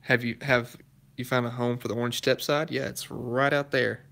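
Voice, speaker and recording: A man's voice: mid-range voice, little pitch movement, moderate pace, gravelly, pushed and bright. A man running a casual live stream from his garage, reading viewer comments aloud and chatting in a laid-back way. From Southern United States. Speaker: car restoration YouTuber. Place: garage workshop.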